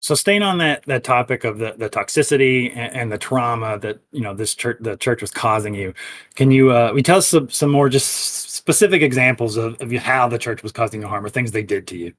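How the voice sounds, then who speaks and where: A man hosting an interview, asking measured, probing questions. His voice sits at an ordinary middle pitch, and he starts over now and then as he works out his wording. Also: a bit bright. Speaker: interviewer, channel host.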